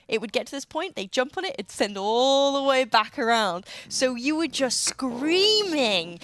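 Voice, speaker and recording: A woman co-casting a live game stream, telling stories in lively casual chat and laughing often. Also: high-pitched, unhurried, few pauses, no room sound, clean studio sound. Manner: animated storyteller, laughs often. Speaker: co-caster.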